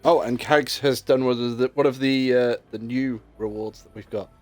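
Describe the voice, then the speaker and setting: A man's voice: mid-range voice, fairly even intonation, normal speed, darkish tone, soft background music. Chatty male streamer gaming with friends. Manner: chatty, rambling, laughs easily, casual swearing. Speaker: streamer and host. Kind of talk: casual chat while gaming.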